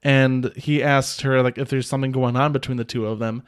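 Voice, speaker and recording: A man's voice: mid-range voice, steady tone, a little fast, smooth. A man in a mid-range voice talks through a film scene by scene in a loose, chatty podcast manner. He rambles, piles on filler words and backtracks as he goes, chuckling now and then. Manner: rambling, many filler "like"s and restarts, chuckles often. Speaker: podcast host reviewing a film. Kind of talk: casual film recap.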